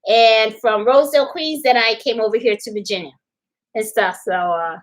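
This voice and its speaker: A middle-aged woman with a New York accent, talking casually and a little higher than most women. She wanders from thought to thought as she chats with her viewers on a live stream from home. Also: moderate pace. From New York City. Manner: chatty, meandering, talking straight to her chat. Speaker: crafting livestream host.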